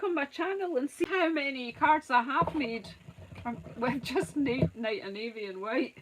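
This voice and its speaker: A woman's voice: high-pitched, moderate pace, husky, rough recording. A Scottish woman hosting a live crafting stream, chatting and joking with viewers as she works and greeting them by name. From Scotland. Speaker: craft channel host.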